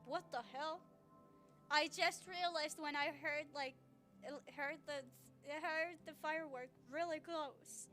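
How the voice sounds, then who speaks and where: High-voiced gushing woman streamer. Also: slow, soft background music. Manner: gushing and excitable, swears, many restarts. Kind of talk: casual live-stream chat. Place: at home. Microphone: streaming setup mic.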